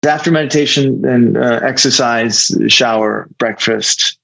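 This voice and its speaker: A man's voice: medium pitch, measured pace, creaky, fairly bright tone, poor audio. A man with an American accent, an actor speaking as a guest in an interview, earnest and reflective, often restarting his sentences. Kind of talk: casual interview talk.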